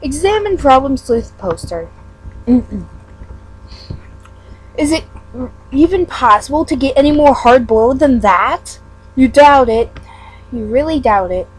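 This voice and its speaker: A woman's voice: high voice, animated, measured pace, long pauses, husky, low-quality recording. A woman giving a casual read-aloud of a webcomic. She stumbles over words and breaks off into self-mocking asides. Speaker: fan reader.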